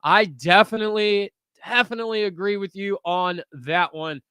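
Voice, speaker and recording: A man hosting a toy channel livestream, reading viewer comments aloud and giving candid, relaxed opinions with lots of fillers. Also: high voice, normal speed, clean tone, no echo, clean studio sound. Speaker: toy review channel host.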